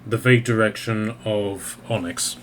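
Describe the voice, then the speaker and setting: A man narrating a tabletop game as game master, often pausing mid-sentence to find his words. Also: fairly low pitch, slight background noise.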